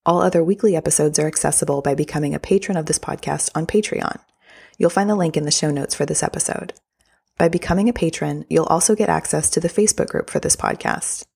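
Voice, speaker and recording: A woman with a notably deep voice talks straight to her listeners as a podcast host. Her delivery is upbeat and gushing, and she drops in the odd filler word as she goes. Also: vocal fry, darkish tone, breathy edge. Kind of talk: casual podcast monologue.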